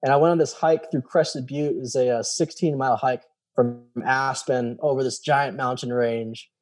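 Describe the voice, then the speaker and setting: A man's voice: mid-range voice, moderate pace, faint music behind. A man telling a personal story in casual talk, acting out quoted dialogue with lots of fillers. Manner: animated, acts out quoted dialogue; many fillers and repeated "I was like". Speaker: guest telling his story.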